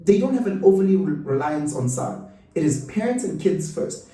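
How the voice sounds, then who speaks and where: A middle-aged South African man giving an animated, rhetorical monologue. He asks questions and repeats himself for emphasis. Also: on the high side, normal speed. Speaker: host. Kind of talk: casual monologue. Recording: roomy room, mic at a distance.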